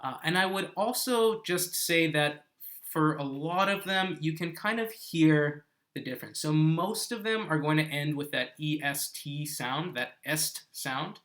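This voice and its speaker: Slow, bright-voiced male English teacher. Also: a little high. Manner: slow, patient explaining with frequent "okay?" checks. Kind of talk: live-streamed grammar lesson. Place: living on an island in South Korea.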